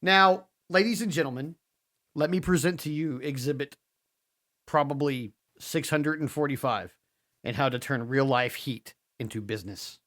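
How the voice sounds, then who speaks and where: A man co-hosting a podcast, telling a wrestling recap as an animated storyteller. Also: mid-range voice, normal speed. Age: adult father. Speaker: podcast co-host. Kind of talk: casual wrestling recap chat.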